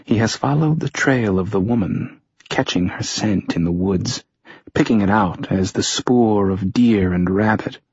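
A man narrates a thriller audiobook in measured, tense storytelling. His voice is low, husky and slowly paced. The recording is dry and close, with a dull lo-fi tone. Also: darkish tone, no echo.

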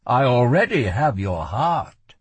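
A man voicing a shadowy male magic being in a storybook reading, speaking slowly and coldly with menace. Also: medium pitch, big pitch swings, husky, dry recording, heavily acted. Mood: menacing. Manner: slow, cold, menacing.

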